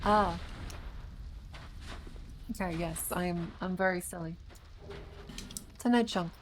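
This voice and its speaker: A woman's voice: fairly low pitch, slow, slight background noise. A woman streaming a video game live, chatting and reacting as she plays, often stammering and repeating words, her voice slightly strained. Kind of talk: casual live gameplay commentary.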